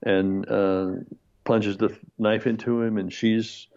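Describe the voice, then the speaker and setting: A man's voice: fairly low pitch, slow pace, lo-fi sound. A man telling a long anecdote as a screenwriter guest in a conversational interview, acting out the voices of people he quotes. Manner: animated storyteller, acts out quoted voices, laughs often.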